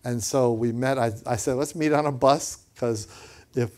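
Animated preaching man telling a story. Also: mid-range voice, moderate pace. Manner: animated, repeats words, acts out quotes. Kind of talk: storytelling sermon.

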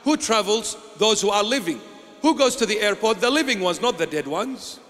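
A male bishop preaching a sermon, asking rhetorical questions and answering them himself in a slow, emphatic delivery. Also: high-pitched, animated, a bit bright, big-room sound.

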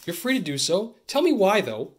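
A young man from Canada hosting a card-opening video, chatting to camera in an excitable, jokey way that swings between loud bursts and muttered asides. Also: sits high, moderate pace, a little hiss or hum. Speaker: card-opening channel host. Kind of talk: casual pack-opening chat to camera.

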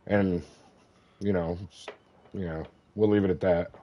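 A man's voice: deep voice, fairly even intonation, a little slow, muffled recording. A middle-aged man chatting casually on a gaming stream, cursing freely, joking and laughing often.

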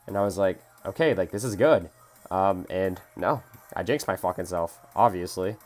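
A man's voice: deep voice, moderate pace, a little mellow, soft background music. A young man live-streaming a mobile game, swearing at his phone and answering chat as he plays. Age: young adult. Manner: frustrated, swearing, reading chat aloud. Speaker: gaming streamer.

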